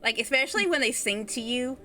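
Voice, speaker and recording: Giggly female stream host; bright, forceful tone; reads chat aloud. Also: a little high, expressive, a little fast, faint music behind. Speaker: streamer host interviewing a guest. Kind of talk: casual livestream chat.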